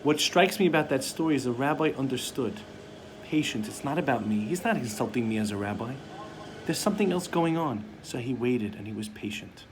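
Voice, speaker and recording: A man's voice: mid-range voice, animated, fairly quick, background noise. A man giving a sermon as a rabbi, telling stories and acting out the voices of parents and children. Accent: Sephardic-community American English.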